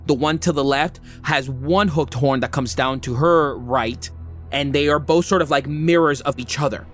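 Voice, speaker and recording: A man narrating a tabletop game as game master, describing scenes in an unhurried, descriptive way. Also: fairly high pitch, soft background music.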